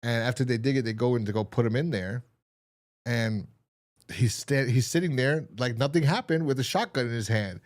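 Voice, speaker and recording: Speaking at normal speed in a mid-range voice, this co-host goes over a story on a podcast in an easygoing way. His recap wanders, stays lively, and is packed with filler words.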